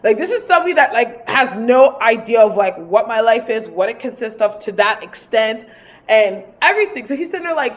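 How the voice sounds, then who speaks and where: Animated woman telling a spooky story. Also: fairly high pitch, brisk. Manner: animated, rambling, filler-heavy and profane. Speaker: psychic medium. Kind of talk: casual storytelling to camera.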